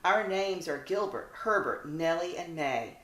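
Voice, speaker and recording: A woman's voice: fairly low pitch, expressive, a little slow, a bit bright. A woman voicing a group of chirpy, quacking ducks, recorded in an echoey room. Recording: roomy echo.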